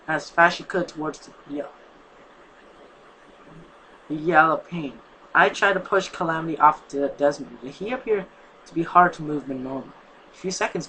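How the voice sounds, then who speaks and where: A reader reading a fan story aloud in a halting way, stumbling over words. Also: mid-range voice, pushed and bright, slight background noise, low-quality recording.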